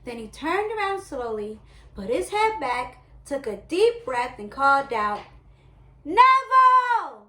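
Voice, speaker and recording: A woman telling a children's story with a bright, high voice that swoops widely. The reading is expressive and sounds in a roomy, echoey space. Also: measured pace. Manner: expressive, animated. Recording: roomy echo.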